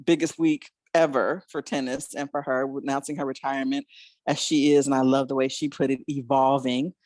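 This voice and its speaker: A woman's voice: very deep voice, flat delivery, a little fast, a little mellow, no echo. A woman hosting a podcast, chatting reflectively and laughing between thoughts. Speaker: podcast host. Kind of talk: casual podcast discussion.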